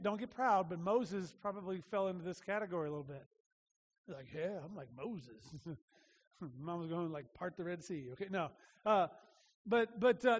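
A male pastor giving a conversational sermon, animated, acting out little voices and asking the room questions. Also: high-pitched, long reverb tail.

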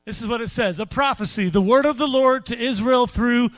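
A male pastor preaching a sermon in an animated way, often acting out quotes in different voices. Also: very high voice, brisk, dry recording.

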